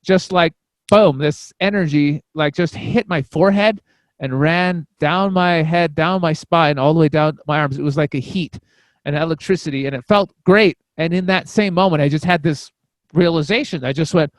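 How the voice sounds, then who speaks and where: A comedian on a podcast telling a story in a casual, rambling way, full of fillers and restarts. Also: male voice, on the high side, moderate pace, no echo. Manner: acts out quoted voices.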